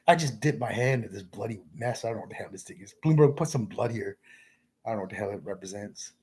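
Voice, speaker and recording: A man's voice: fairly low pitch, expressive, quick pace, a little mellow, husky. A man talking in a rambling solo monologue, drifting from thought to thought and calling the listener "man.".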